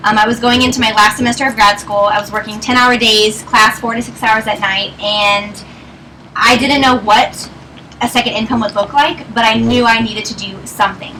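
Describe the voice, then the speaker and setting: A woman's voice: fairly high pitch, steady tone, normal speed, bright, forceful tone. Chatty young woman speaking to an audience. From Northern Virginia. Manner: chatty, laughs through her stories. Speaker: presenter at a business meeting. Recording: distant mic, clear noise.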